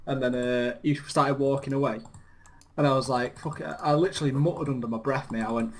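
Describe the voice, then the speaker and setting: A man's voice: mid-range voice, steady tone, a little fast, slight background noise. A young English man in laddish game chat with a middling voice, telling boastful stories. Faint keyboard clicks and typing sit behind him. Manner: laddish, boastful storytelling with laughs. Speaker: co-host. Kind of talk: casual chat over gameplay.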